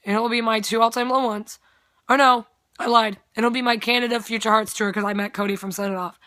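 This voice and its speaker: Young woman vlogging, chatty and sweary, says like a lot, bright voice, dry sound. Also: a little high, fairly even intonation, brisk, no room sound. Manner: chatty, swears freely, lots of "like". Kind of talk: casual storytelling vlog.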